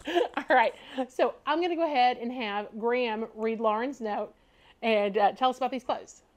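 A fashion vlogger with a fairly high voice and moderate pace chats casually at home while unboxing and trying on clothes. She's loose and chatty, laughs often, and peppers her speech with "like" and "y'all."

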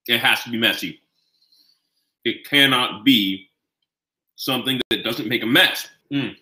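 A man hosting a casual live cooking stream, chatting with his viewers in a rambling way and gushing with excitement as he eats and talks. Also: medium pitch. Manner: gushing with excitement while tasting. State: eating while talking. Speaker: home cook streaming live. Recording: roomy, echoing room sound.

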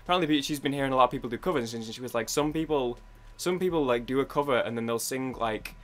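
Speaking quickly in a mid-range voice over soft background music, a young man with a British English accent chats casually as he plays. This gaming YouTuber's commentary rambles, restarting often and drifting into idle humming.

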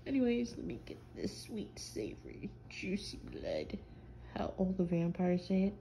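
A woman playing a gravelly teasing vampire boyfriend. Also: mid-range voice, wildly swooping pitch, measured pace, mellow, a little hiss or hum, full character voice. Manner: teasing, playful, drawling slang. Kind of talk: listener role-play audio.

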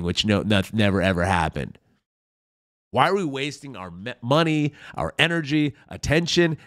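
A man's voice: medium pitch, fairly bright tone. A man hosting a reaction commentary, mocking and sarcastic with exaggerated fake enthusiasm, talking straight to his viewers. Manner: speaks directly to viewers as friends. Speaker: commentary host.

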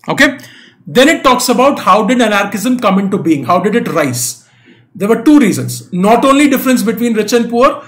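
A man's voice: high voice, a bit bright. A young man teaching exam preparation online, patiently going over a reading passage and checking in with "right?" and "okay?".

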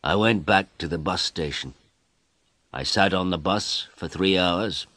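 A man reading a simple story aloud in plain, clear first-person narration for English learners. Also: sits low, unhurried, pushed and bright, no echo.

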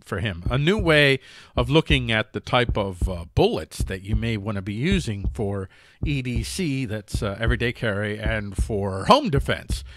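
A man's voice: lowish voice, animated, normal speed, fairly bright tone, no echo, studio quality. A man hosting a news commentary show, rambling and jokey with many restarts. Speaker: host.

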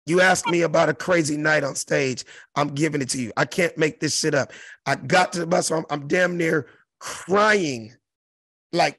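A man in his fifties from South Central Los Angeles, a comedian telling a profane, animated story in an interview and acting out the other voices. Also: a little high, moderate pace, dry recording. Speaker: comedian guest.

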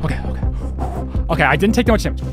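A young man streaming a game live, talking excitedly to chat and swearing often. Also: on the high side, racing, music in the background. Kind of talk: live gameplay commentary.

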